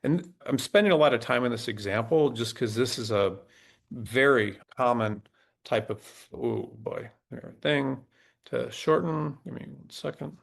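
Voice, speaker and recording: A man's voice: medium pitch, creaky. A middle-aged man hosting a resume workshop webinar, thinking aloud and restarting often as he types prompts on screen. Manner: halting, restarts while typing prompts on screen.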